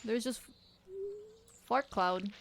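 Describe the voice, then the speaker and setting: A woman's voice: a little high, very slow, gravelly, slight background noise. A young woman co-hosting a game stream, chatting casually and acting out the people in her stories. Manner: animated storyteller, acts out quoted people. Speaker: co-host playing a farm game on stream. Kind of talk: casual chat while gaming.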